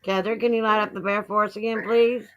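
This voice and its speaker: A woman's voice: mid-range voice, little pitch movement, fast talker, highs cut off. A woman hosting a casual livestream from her home, chatting in a folksy way and laughing easily. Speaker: livestream host. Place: at home, indoors.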